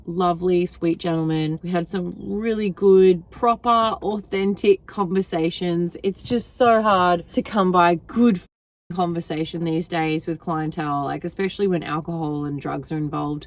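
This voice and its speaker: A woman's voice: fairly low pitch, a little mellow. A tired young woman vlogging casually in her parked car at night, chatty and rambling, talking into her phone. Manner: chatty, rambling, many fillers. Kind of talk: casual chat. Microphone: phone camera.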